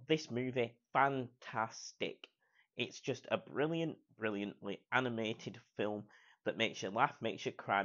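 An excited man talks through a movie review, heaping on praise in a fairly low voice. The recording is dull and lo-fi, with the top end missing. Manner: enthusiastic, repeats praise words, quotes scenes in put-on voices. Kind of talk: casual film review.

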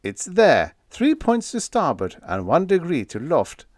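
A man voicing a gentle, nonchalant young male genius pilot who drawls blandly. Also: fairly high pitch, wildly swooping pitch, unhurried, no room sound, studio quality, pitched above the performer's own voice.

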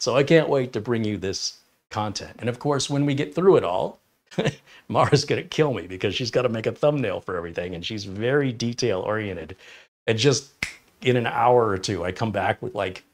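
A man hosting a tech live stream, chatting casually and telling an anecdote with frequent laughs. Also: medium pitch. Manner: chatty, storytelling, laughs often. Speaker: tech channel host.

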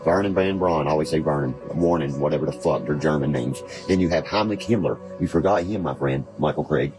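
A man's voice: a bass voice, fairly quick, poor audio. A man from Virginia, rambling in casual chat, cursing freely and spinning conspiracy talk. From West Virginia. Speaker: guest. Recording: background music playing.

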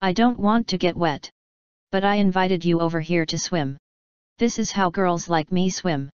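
A woman's voice: on the low side, moderate pace, clean tone, no echo, natural voice. Bantering young woman, read by a woman, dry and a bit dull. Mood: sassy. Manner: sarcastic, bantering. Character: sassy, quick-witted young woman. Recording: dry, slightly dull studio recording.

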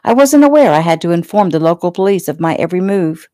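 A spirited, no-nonsense woman nurse who speaks sharp and firm, as a woman reads her. The voice is low and dark, recorded dry and close. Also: expressive, fast talker, no echo, close to an everyday voice. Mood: indignant.

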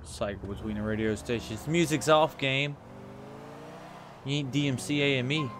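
A man's voice: mid-range voice, normal speed, a bit bright. A young man chats casually over his live game stream in an easy, mid-range voice. He stays laid-back and talks to himself between moves. A faint hiss sits under the recording. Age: young adult. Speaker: streamer playing a video game.

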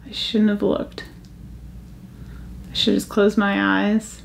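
A woman hosting a casual jewelry vlog, chatty and easily excited, gasping over pieces she finds. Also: medium pitch, slow, creaky, a little hiss or hum. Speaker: jewelry channel host.

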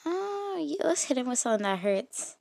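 A woman's voice: sits high, very animated, normal speed, creaky, darkish tone, no echo, clean studio sound, full character voice. A woman voicing a mocking, scolding young wife in a game story.

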